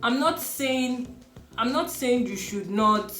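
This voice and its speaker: A woman from Nigeria with a Nigerian accent, chatting casually in a blunt, animated way and swearing freely. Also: on the high side, slow, faint music behind. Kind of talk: casual chat. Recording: echoey room.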